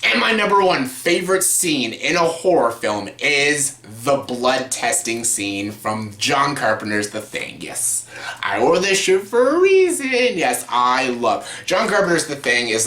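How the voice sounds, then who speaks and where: A man's voice: medium pitch, bright, forceful tone. A man talking casually and enthusiastically on a vlog about films he loves, rambling with many fillers and restarts. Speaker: movie reviewer. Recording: echoey room.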